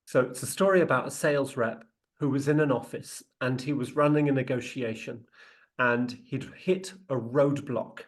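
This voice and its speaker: Animated storytelling man with a mid voice. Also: mid-range voice, moderate pace. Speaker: sales negotiation trainer. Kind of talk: lively anecdote with acted quotes.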